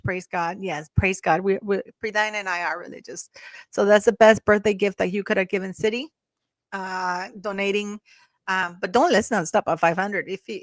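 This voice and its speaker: A chatty woman talking on a live stream, thanking viewers and laughing often. Her voice sits in the middle of a woman's range. The sound is dry and close, with no room echo. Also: medium pitch. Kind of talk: casual chat.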